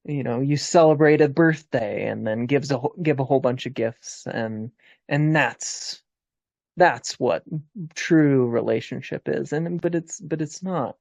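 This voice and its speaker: Male host, unhurried, measured, dry dull sound. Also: mid-range voice, creaky, a little mellow, dry recording. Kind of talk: casual conversation.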